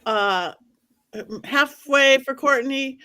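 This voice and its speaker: A woman's voice: high voice, drawn-out words, sharp tone, no echo. A woman hosting a casual panel chat, speaking upbeat to the panel and the viewers. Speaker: host.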